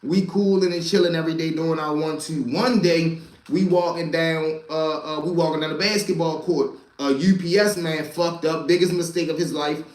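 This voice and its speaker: A man's voice: a little high, fairly even intonation, moderate pace. A man casually telling a rambling, profane street story to a live audience. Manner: loose, profane street storytelling with many asides. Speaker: storyteller and channel host. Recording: roomy echo.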